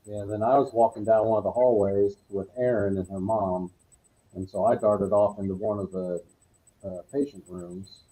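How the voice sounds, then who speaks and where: A middle-aged man, a podcast guest, speaks in a fairly low voice. He tells his story plainly and matter-of-factly. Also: fairly even intonation, moderate pace, dark tone, rough recording. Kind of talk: casual storytelling.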